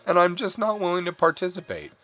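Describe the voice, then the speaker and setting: Animated, rambling middle-aged man. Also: sits high, quick pace, faint music behind. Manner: rambling, candid, apologizes for swearing. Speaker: artist streaming while drawing. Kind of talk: casual chat while drawing on stream.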